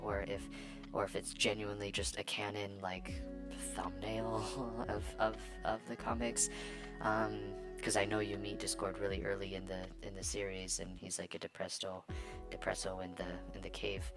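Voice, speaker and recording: A young adult fan rambling casually while drawing, hesitant, with many fillers and restarts. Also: mid-range voice. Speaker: fan commentator. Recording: music playing behind the voice.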